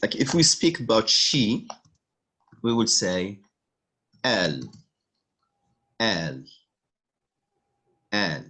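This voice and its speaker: Brief Male language teacher on a video call, husky and unhurried, who patiently repeats each phrase. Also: fairly low pitch, sing-song, pushed and bright. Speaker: French teacher. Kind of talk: online language lesson.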